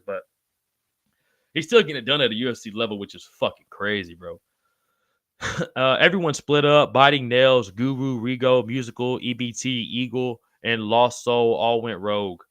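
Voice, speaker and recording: An excitable, loose male host reads his live stream's chat aloud, swears freely, and keeps calling people brother. His pitch is medium and there's no room sound.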